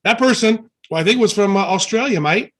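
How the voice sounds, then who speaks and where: A man's voice: high-pitched, fast, fairly bright tone. A man co-hosting a casual podcast, joking in easygoing banter. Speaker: podcast co-host.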